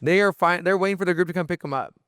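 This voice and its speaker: Smooth-voiced young man telling a story. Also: high voice, racing, no echo, studio quality. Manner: animated, lots of fillers and restarts, swears freely. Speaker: podcast guest. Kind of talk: casual storytelling.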